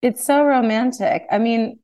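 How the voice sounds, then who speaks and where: A woman's voice: a little high, a little slow, mellow. Woman musing thoughtfully in chat. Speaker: podcast guest. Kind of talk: casual chat.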